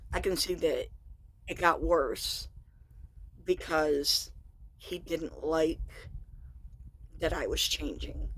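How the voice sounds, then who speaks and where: A woman vlogger frankly recounting a personal story in a confessional, halting way. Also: low-pitched, a bit bright.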